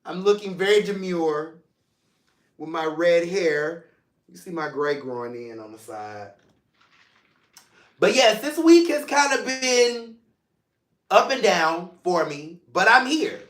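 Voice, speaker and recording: A man hosts his own vlog in a loose, playful, affectionate way, speaking straight to his viewers. His voice sits a bit high and sounds vivid and bright. The room around him is noticeably echoey. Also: sing-song, takes it slowly, pauses often. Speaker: mental health show host. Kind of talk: casual solo vlog talk. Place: seated in a room at home.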